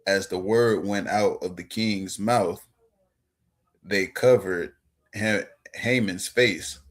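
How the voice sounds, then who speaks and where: Deep-voiced man reading scripture. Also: slow. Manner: steady reading, occasional stumbles. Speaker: scripture reader.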